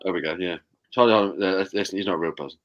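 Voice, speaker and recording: A man's voice: low-pitched, racing, highs cut off. A man hosting casual beer-drinking chat, full of teasing, sweary banter.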